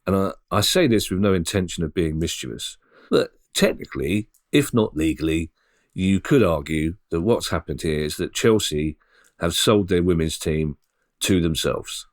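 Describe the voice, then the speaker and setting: A man's voice: low-pitched, animated, normal speed, dry recording, clean studio sound. A man hosting a podcast who asks his co-host questions in a teasing, mock-serious way. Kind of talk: casual podcast discussion.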